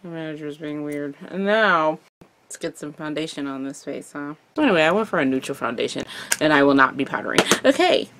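A woman's voice: deep voice, lively intonation, brisk, fairly bright tone, slight background noise. A young adult woman vlogger chatting casually through a makeup tutorial, playful and chatty, tossing in little sound effects. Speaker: beauty vlogger.

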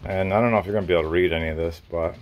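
This middle-aged man has a low voice, a steady tone, and a rapid-fire delivery. Working on tools in his home garage, he keeps up a casual workshop chat for his vlog, tossing in some mild swearing. The audio comes from a phone camera.

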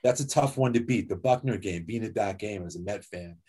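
A man speaking as an author and guest speaker, telling lively personal anecdotes in a conversational way over slides, with many casual fillers. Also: on the low side, brisk, background noise. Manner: conversational, lively, with frequent "like" and "you know". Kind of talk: anecdotal storytelling talk with slides.

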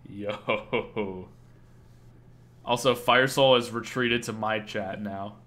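A man's voice: medium pitch, steady tone, moderate pace, sharp tone. A young man chatting casually and joking on a live gaming stream. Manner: joking, laughs often.

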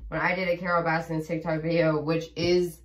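Heard from a distance in her home bathroom, a young vlogger mom chats casually, giggling and rambling with fillers. Her voice sits low with little pitch movement, and she speaks a little fast.

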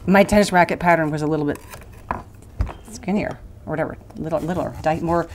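A woman with a notably low voice talks through a recipe in a kitchen. She rambles and laughs easily, with a little faint noise behind her. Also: brisk. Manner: chatty, rambling, laughs often. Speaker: cooking show host. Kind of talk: casual cooking demonstration.

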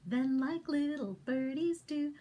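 A woman's voice: high voice, expressive, slow, dark tone. A woman leading a toddler storytime, reading a picture book aloud and leading rhymes in a playful sing-song way. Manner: sing-song and playful, with big animal sounds. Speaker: children's librarian hosting toddler storytime.

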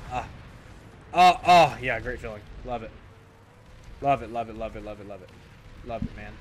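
A man's voice: medium pitch, normal speed, slight background noise. A man giving casual, jokey commentary over his own gameplay, talking to his viewers, repeating phrases and swearing when things go wrong. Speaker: gameplay streamer.

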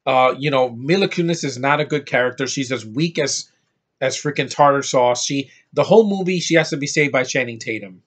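A man ranting casually about a movie, exasperated and sarcastic, with sudden loud outbursts between grumbles. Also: medium pitch, a little fast, husky. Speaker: movie reviewer.

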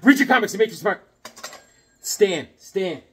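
A man in his fifties chatting casually about comic books to his viewers in a jokey, rambling, excitable way. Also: sits high, unhurried, husky. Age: 50s. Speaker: comic book vlogger. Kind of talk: casual chat to camera.

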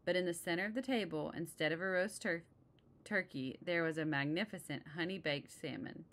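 A woman reading a children's picture book aloud in a lowish voice. She keeps it easy and casual, stopping now and then to add a friendly remark. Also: a little fast, fairly bright tone. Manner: casual asides between passages. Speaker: storybook reader.

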